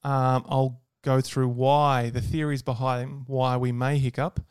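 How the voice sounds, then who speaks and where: A man's voice: mid-range voice, level tone, measured pace, a little mellow, smooth, dry recording, studio quality. A man co-hosting a podcast, teasing his partner and quizzing him. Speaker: podcast co-host. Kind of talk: casual podcast explaining.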